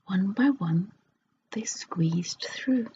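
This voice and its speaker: A woman reading a children's fairy tale aloud in a soft, unvoiced ASMR whisper. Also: medium pitch, very slow. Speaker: ASMR storyteller. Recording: dull lo-fi recording with faint hiss.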